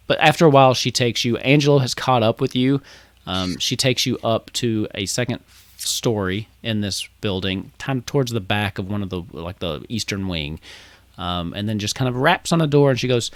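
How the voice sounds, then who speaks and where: A man's voice: on the low side, dry recording. A man narrating a tabletop game as game master, rambling with many ums and laughs.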